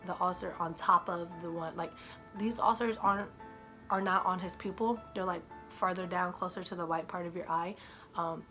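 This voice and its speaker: A young woman with a slightly low voice talks straight to her viewers, halting and fighting back tears. Her speech is full of ums and likes, broken off and restarted. Faint music plays quietly under her voice. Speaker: mother vlogger. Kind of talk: emotional personal vlog to viewers.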